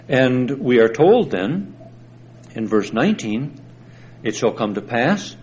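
A man preaching a sermon, explaining scripture slowly and deliberately and stressing the verses he quotes. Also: mid-range voice, darkish tone, muffled recording, a little hiss or hum. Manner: slow, deliberate Bible exposition with emphatic scripture quotes.

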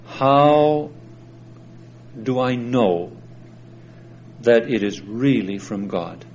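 A man preaching a sermon, explaining scripture slowly and deliberately and stressing the verses he quotes. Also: lowish voice, a little mellow, lo-fi sound, slight background noise. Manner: slow, deliberate Bible exposition with emphatic scripture quotes.

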